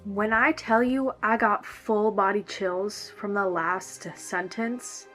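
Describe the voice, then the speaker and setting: A woman chatting casually in a reading vlog, excitable and gushing, with bursts of quick talk, filmed at home. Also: medium pitch, music in the background. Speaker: book vlogger.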